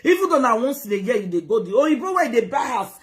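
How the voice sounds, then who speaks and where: A woman with a Nigerian Pidgin accent giving advice in a casual talk, animated and lecturing, switching between Pidgin and English. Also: on the high side, fast talker. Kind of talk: casual live-stream talk. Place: United Kingdom.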